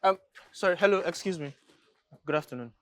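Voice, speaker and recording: A man's voice: high-pitched, brisk, fairly bright tone. A man playing an exasperated Nigerian brother. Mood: polite. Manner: pleading, then exasperated and raised. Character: stressed man, brother of a wheelchair user. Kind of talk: Nollywood film acting.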